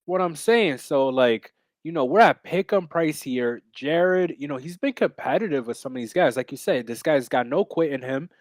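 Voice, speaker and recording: A man's voice: on the high side, lively intonation, normal speed, hardly any pauses, dry recording, studio quality. A man co-hosting a fight betting podcast, talking in a brash, rambling way with lots of fillers and swearing. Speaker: podcast co-host and MMA bettor. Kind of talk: casual betting chat.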